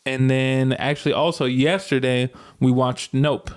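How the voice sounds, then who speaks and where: A man co-hosting a casual podcast, with a voice of middling pitch. He laughs often and rambles through loose, filler-heavy stories. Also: fairly even intonation, measured pace. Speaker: podcast co-host. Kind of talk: casual chat.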